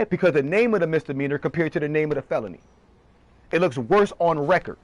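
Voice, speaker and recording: A man streaming live, ranting heatedly and profanely in quick bursts. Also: high-pitched, no room sound.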